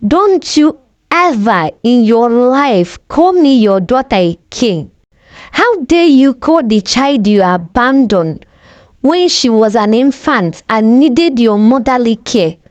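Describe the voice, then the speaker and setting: A woman's voice: a little high, animated, takes it slowly, a little mellow, no room sound, highs cut off. A woman voicing a young woman who is a bitter abandoned daughter, tearful and furious.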